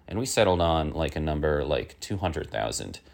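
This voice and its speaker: A man's voice: rumbling low, expressive, normal speed, gravelly. A man hosting a one-man comic news show, rambling with lots of fillers and sliding into irritable rants. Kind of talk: casual rambling comic monologue.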